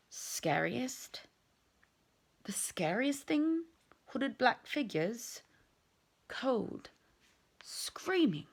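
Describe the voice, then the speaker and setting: A woman reading a novel aloud in an expressive, dramatic storytelling manner. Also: on the high side, very slow, gravelly, long pauses. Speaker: reader.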